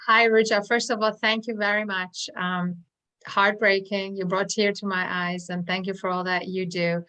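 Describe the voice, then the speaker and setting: A woman's voice: medium pitch, level tone, moderate pace, bright, forceful tone, poor audio. A woman at an online community event, earnestly telling a personal story and acting out the quoted dialogue. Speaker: audience member at an online poetry event.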